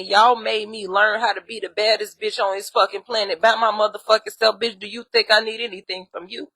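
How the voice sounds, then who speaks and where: Woman, bright sharp tone, profane, exasperated, blunt vlog rant. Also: a little high, fairly quick, few pauses. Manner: blunt, heavy swearing, animated and exasperated. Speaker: spiritual vlogger. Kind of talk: profane ranting monologue.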